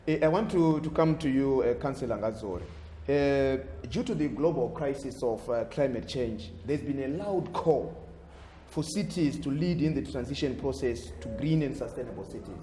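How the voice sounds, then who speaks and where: A man's voice: medium pitch, moderate pace, mellow, roomy sound, a little hiss or hum. A man with a Zimbabwean accent moderating a panel debate, formal in wording and hesitant with frequent fillers.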